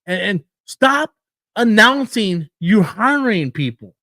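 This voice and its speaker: Guy ranting about wrestling booking, swears a lot, kinda high voice, dry mic. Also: very animated, takes it slowly, sharp tone, dry recording. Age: older than co-host, calls himself old school. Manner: blunt, swears freely, mocks in put-on quotes. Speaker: podcast co-host. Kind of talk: casual wrestling chat.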